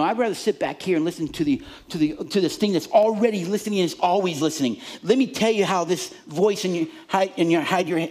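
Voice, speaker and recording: Preaching in a high-sitting voice, this animated pastor plays out the crowd in the stands and the thoughts running through people's minds as part of his sermon.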